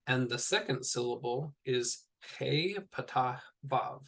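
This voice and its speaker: A man teaching a recorded lesson in a relaxed, explaining way, with fillers and small asides. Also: mid-range voice, vocal fry.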